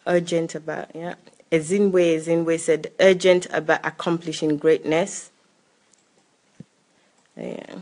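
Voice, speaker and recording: A woman's voice: deep voice, little pitch movement, slow pace, pauses often, darkish tone. A woman co-hosting a live question-and-answer talk, reading viewer comments and reacting openly.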